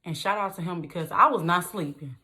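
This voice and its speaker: Chatty lower-voiced woman storyteller. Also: brisk. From Detroit, USA. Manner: animated, chatty, laughs often, swings pitch for emphasis. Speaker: vlogger. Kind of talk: casual storytelling to camera.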